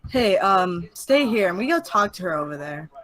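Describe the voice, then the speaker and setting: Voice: mid-range voice, very animated, moderate pace, sharp tone. A chatty player talking casually during an online tabletop game.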